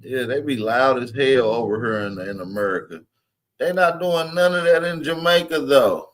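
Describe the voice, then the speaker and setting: A man's voice: medium pitch, expressive, moderate pace. A man hosting a casual reaction commentary, talking in loose, slang-heavy banter and laughing often. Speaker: commentary host.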